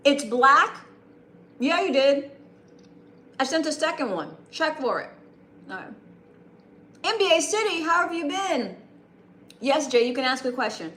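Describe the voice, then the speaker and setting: A woman's voice: sits high, big pitch swings, a little slow, pauses often, a bit bright, echoey room, slight background noise. A woman live streaming a rambling late-night chat with viewers, greeting them by name, with a broadcaster-like voice.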